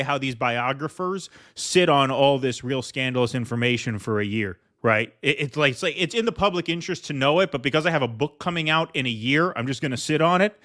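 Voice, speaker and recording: A man's voice: mid-range voice, fairly bright tone. A man hosting a political commentary show, talking sarcastically and mockingly as he reacts to news clips.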